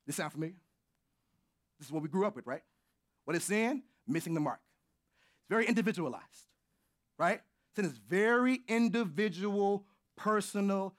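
Fiery, lively-voiced preacher man. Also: high-pitched, normal speed, pauses often. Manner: dramatic preaching, shifting from shouting to near whisper; informal, uses y'all and joking asides. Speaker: pastor. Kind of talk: sermon.

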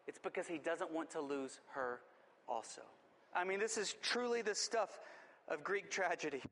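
High-voiced preaching man in a hall. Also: fairly bright tone. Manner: earnest, conversational preaching with repeated restarts. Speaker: pastor. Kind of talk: sermon.

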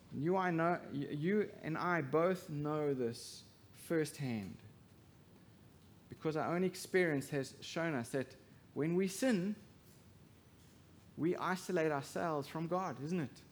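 A man preaching a sermon as pastor, swinging from hushed to loud emphasis and asking the congregation rhetorical questions. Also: on the high side, takes it slowly, pauses often, slight background noise.

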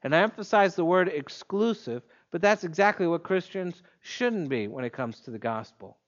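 A man preaching an expository sermon in a measured, emphatic way, leaning on pointed pauses. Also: high-pitched, expressive, highs cut off.

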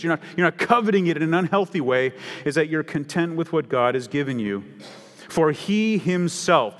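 A man preaches in a slightly high voice, working through the text line by line and piling up words for emphasis. His voice rings through a church sanctuary with a long reverb. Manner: expository preaching that builds to emphatic repetition. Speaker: pastor. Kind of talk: sermon.

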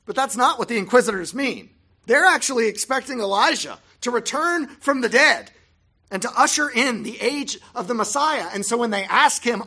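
Bright-voiced scripted Bible teacher. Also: medium pitch, expressive, moderate pace, husky.

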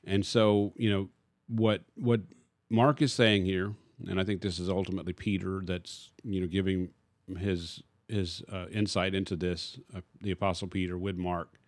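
A man's voice: low voice, flat delivery, normal speed, dry recording. A man, a pastor, teaching casually in a discussion and posing rhetorical questions to his listener.

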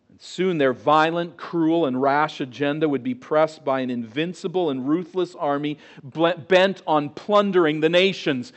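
A man preaching a sermon on a scripture passage, moving between quiet asides and loud, emphatic readings of quoted lines. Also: fairly high pitch, a little slow, hardly any pauses.

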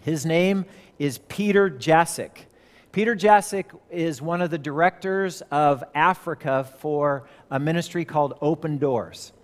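Middle-aged guy preaching, earnest and chatty, slightly high voice, lots of hall echo. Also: unhurried. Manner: conversational, earnest, with restarts. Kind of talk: sermon storytelling.

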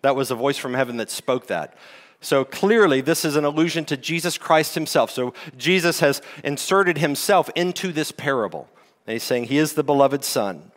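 A man's voice: fairly high pitch, animated, normal speed. A man preaching a sermon as lead pastor, teaching in a conversational way with rhetorical questions. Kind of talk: expository sermon. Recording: long hall reverb.

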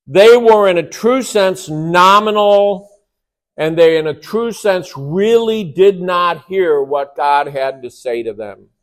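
A man's voice: high-pitched, slow. A man preaching a sermon to his church, emphatic and often asking rhetorical questions. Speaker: pastor.

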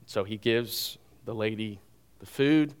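Man preaching an animated sermon. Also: fairly low pitch, takes it slowly, smooth. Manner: storytelling, animated, adds humor. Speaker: pastor.

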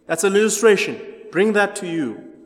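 A man's voice: sits high, expressive, moderate pace. A man leading an interactive Bible study, chatty, laughing often and quizzing the group. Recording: echoey hall.

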